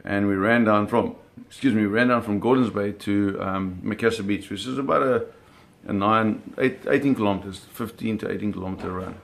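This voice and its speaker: A man telling a personal story in an animated, vivid way, often restarting his phrases. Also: fairly low pitch, a little fast, vocal fry, hardly any pauses.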